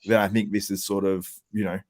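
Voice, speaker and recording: A man's voice: sits low, little pitch movement, fairly quick, a little mellow, no room sound. A man hosting a laid-back panel chat, with plenty of ums, running down a list of competitors. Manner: laid-back, lots of ums, laughs often. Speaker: podcast host.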